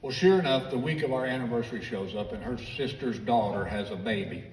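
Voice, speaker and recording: A mid-range, slightly fast American male comedian tells long stories on a large theater stage, acting out each person with animation. Filmed from the audience via the stage PA, the sound is distant and echoey, with crowd laughter and a little hiss or hum.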